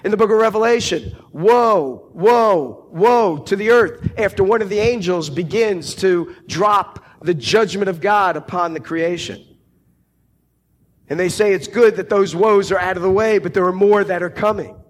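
A man preaching a sermon, slow and deliberate, lifting his voice on quoted cries. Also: high voice.

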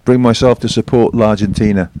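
Man, guest on chat show, anecdote telling, acts out shouted quotes. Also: on the low side, steady tone, fairly quick, a crowd in the background.

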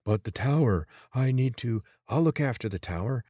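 A man's voice: medium pitch, lively intonation, moderate pace, dark tone, no room sound, clean studio sound, pitched above the performer's own voice, lightly acted. A man voicing a dazed male tower guard who slurs his words in confusion. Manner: slurred, confused speech.

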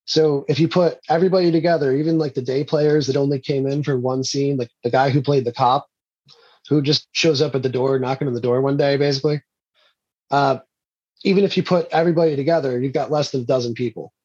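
A man's voice: medium pitch, fairly even intonation, quick pace, darkish tone, breathy edge, lo-fi sound. A man, an indie filmmaker, telling rambling stories in a casual interview and laughing often.

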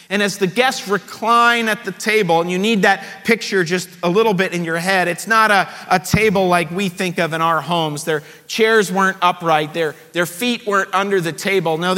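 A male pastor preaching a sermon with animated storytelling. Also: high voice, in a large hall.

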